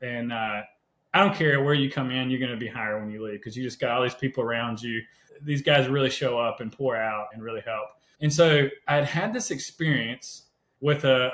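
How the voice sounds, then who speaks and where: A man telling personal stories as a podcast guest, animated and conversational, often checking in with "right?". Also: medium pitch. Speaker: podcast guest, health coach. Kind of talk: casual storytelling interview. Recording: roomy echo.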